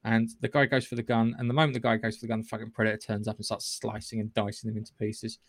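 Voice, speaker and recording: A man's voice: lowish voice, flat delivery, quick pace, no room sound. A man hosting a podcast, retelling a film in a rambling, swearing, casual way with lots of restarts. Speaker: podcast host. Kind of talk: casual film recap chat.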